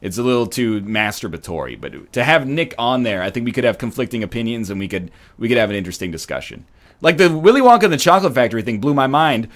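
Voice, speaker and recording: A man's voice: mid-range voice, lively intonation, fast. A man in his thirties, a streamer who chats casually and rambles in a joking, opinionated way while playing a game. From Canada. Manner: rambling, joking and opinionated, riffing on chat comments. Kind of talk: casual chat while gaming.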